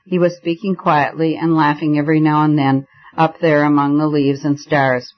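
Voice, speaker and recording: A man reading a novel aloud in first person, with a measured storytelling delivery, in a slightly muffled recording. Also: a little high, little pitch movement. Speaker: audiobook reader.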